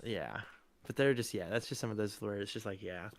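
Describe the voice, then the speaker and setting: A man's voice: fairly low pitch, brisk. A man hosting a live stream, chatting casually while gaming, rambling with lots of fillers and laughter.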